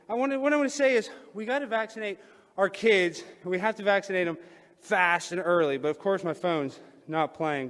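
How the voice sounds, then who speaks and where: High-voiced man rapping in a reverberant hall. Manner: out of breath at first, then shouted sing-song rapping. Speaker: satirical speaker at council meeting. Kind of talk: comedic rant and freestyle rap. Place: council chamber.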